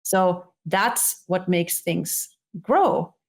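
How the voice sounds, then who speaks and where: Middle-aged woman, not a native english speaker, lower voice, halting, keeps restarting her sentences. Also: expressive, vocal fry. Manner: halting restarts, acts out quoted dialogue. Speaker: guest, psychology author. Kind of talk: interview conversation.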